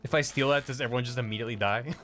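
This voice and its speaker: A man's voice: mid-range voice, racing, fairly bright tone, faint music behind. Joking man streaming a game. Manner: jokey, chatty, talks to the game characters. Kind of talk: casual gameplay commentary.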